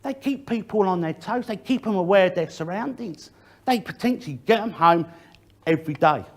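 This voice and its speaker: A man's voice: high-pitched, animated, normal speed. A middle-aged man gives a public workplace safety talk, speaking directly to the audience and shifting his emphasis often.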